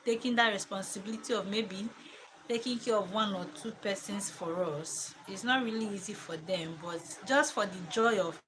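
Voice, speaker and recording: A woman, a mother chatting casually to camera from her living room, reflective and quick to laugh. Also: medium pitch, fairly bright tone, slight background noise, rough recording. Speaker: mother and home vlogger.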